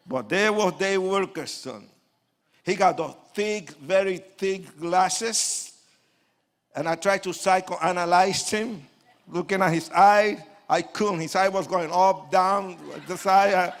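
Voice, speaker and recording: A man, an evangelist, telling his life story as a testimony sermon to an audience, with animated swings from hushed asides to loud outbursts. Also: high voice, a little slow.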